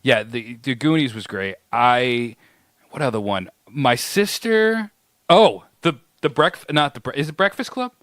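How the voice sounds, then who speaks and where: A young man in his twenties chatting on a podcast, laid-back and joking, laughing easily. His voice is bright and sharp, and the recording is dry with no room sound. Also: medium pitch, expressive, measured pace, dry recording. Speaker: podcast co-host. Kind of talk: casual chat.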